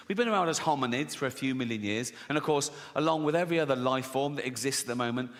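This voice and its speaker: A man's voice: medium pitch, a bit bright, in a large hall. An older man performing a stand-up comedy set in a sardonic, swearing manner, often acting out mocking voices.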